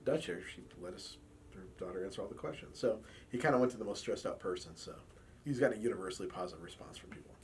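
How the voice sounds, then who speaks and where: This campus police officer, who also handles a support dog, speaks fast in a fairly low voice with a bit of hiss or hum in the recording. His documentary interview is relaxed storytelling, with quoted lines acted out along the way.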